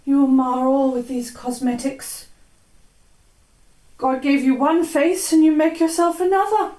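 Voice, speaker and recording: An imperious, haughty queen, played by a woman, declaiming in old stage speech. Her voice is high and her delivery slow and measured. It is heard in an echoey room. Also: fairly even intonation, warm tone, far from the mic. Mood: sleepwalking. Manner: commanding, declamatory. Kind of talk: Elizabethan stage acting.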